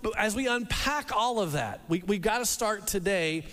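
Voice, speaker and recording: A man preaching a sermon to a congregation, animated and repeating words as he restarts and acts out quotes. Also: sits high, moderate pace. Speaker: pastor. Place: church hall with a congregation. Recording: long reverb of a large hall.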